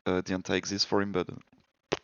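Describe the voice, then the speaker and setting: A man's voice: low voice, completely flat delivery, moderate pace, creaky, fairly bright tone, clean tone, dull audio. A man hosting a casual gaming podcast, talking in a hesitant way with repeated words. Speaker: podcast host.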